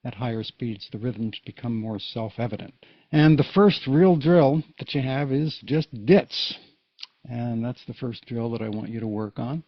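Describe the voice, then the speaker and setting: A man's voice: mid-range voice, measured pace, dry recording. A man giving a casual, patient Morse code lesson, explaining each step in plain words. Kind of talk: casual spoken tutorial. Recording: dull lo-fi recording.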